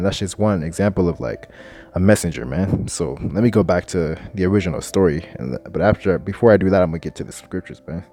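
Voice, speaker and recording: A man's voice: sits low, a little fast, mellow. A man casually telling a spiritual testimony in loose, slangy talk, ending nearly every phrase with "man.". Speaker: scripture teacher.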